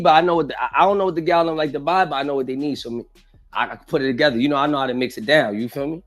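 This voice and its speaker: A rapid-fire man, talking fast in a slightly high voice. He hosts a loose studio chat with animated, slang-heavy delivery while faint music plays underneath. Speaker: podcast host. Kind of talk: casual group chat.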